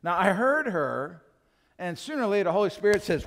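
Man, middle-aged, pastor, sermon, slightly high voice, self-deprecating, long church reverb. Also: animated, fast. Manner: candid, self-deprecating, acts out dialogue with his wife. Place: church sanctuary.

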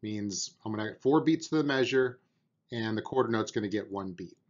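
A man's voice: lowish voice, fairly quick, lo-fi sound. A man teaching a beginner drum lesson, patiently explaining and counting out beats aloud, with an encouraging manner.

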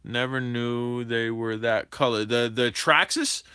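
A man's voice: mid-range voice, a little slow, clear, resonant tone. A young man hosting a drone livestream, chatting casually with viewers in a hyper, slangy way. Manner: hyper, animated, slangy, talks to chat.

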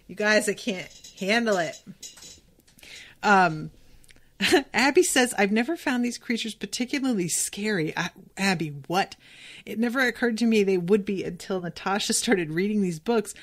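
Excitable, swearing young woman podcast host. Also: mid-range voice. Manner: excitable, swearing, animated retelling with voiced characters. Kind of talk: casual book recap podcast.

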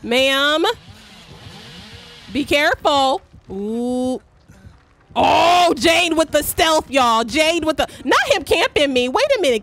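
Excitable young woman streaming a game. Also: high voice, takes it slowly. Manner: excitable, swearing, shrieks when chased. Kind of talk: live gameplay commentary.

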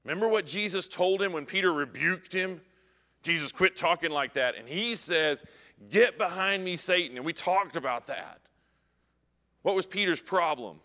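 A man teaching an adult Bible class, animated as he acts out scripture scenes and puts questions to the class. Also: a little high, moderate pace, big-room sound.

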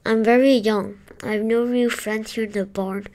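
A woman's voice: a little high, steady tone, moderate pace, darkish tone, lightly acted. A woman voicing a lonely young pig, earnest and pleading, in a read-aloud storybook. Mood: gloomy.

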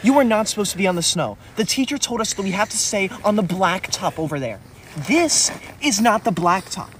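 A man's voice: high voice, very animated, fairly bright tone, slight background noise. A man playing a bossy, self-righteous schoolkid, a teacher's pet who lectures others and threatens to tell the teacher. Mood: preachy. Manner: preachy, whiny, quick to threaten to tell the teacher. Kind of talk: comedy sketch acting.

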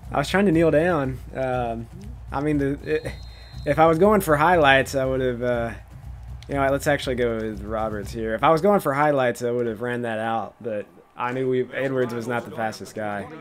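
Excitable man narrating his gameplay. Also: medium pitch, slight background noise. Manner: thinks aloud, excitable, bursts of laughter. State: voice cracking, coughing. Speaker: gaming YouTuber playing a football video game. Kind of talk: casual gameplay commentary.

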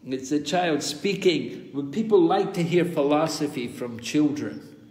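A man's voice: on the high side, lively intonation, unhurried, dark tone. Man lecturing in an echoing hall. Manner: patient, explanatory, repeats key points with rhetorical questions. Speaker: spiritual teacher giving a course class. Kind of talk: scripture study lecture. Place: large hall at a pilgrimage site in India. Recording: reverberant hall sound.

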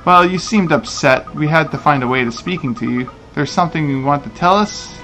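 A man's voice: on the high side, fairly quick, bright, forceful tone, soft background music. A man voicing a kind, earnest young boy wizard in a game, in a polite way.

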